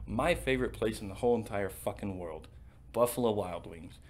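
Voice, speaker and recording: A man's voice: fairly low pitch, fairly quick, darkish tone, slight background noise. A young man casually co-hosting a chat, telling a rambling story and swearing often. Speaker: podcast co-host.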